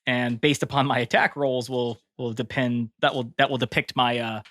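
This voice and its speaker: A man playing a tabletop game, talking through his dice rolls and attacks in lively banter. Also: mid-range voice, normal speed, dry recording. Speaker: player.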